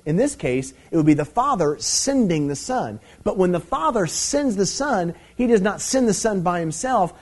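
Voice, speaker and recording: A man's voice: sits high, darkish tone. A middle-aged man preaching a Bible teaching sermon in a conversational way, with many fillers, swelling into emphatic stresses.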